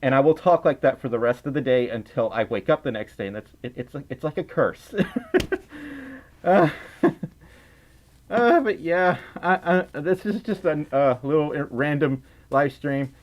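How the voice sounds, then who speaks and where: A man's voice: a little high, expressive, normal speed, highs cut off. A tired, sleep-deprived young man with a Southern accent, giggling and rambling playfully as he chats with viewers on a livestream. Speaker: livestream host. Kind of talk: casual livestream chat.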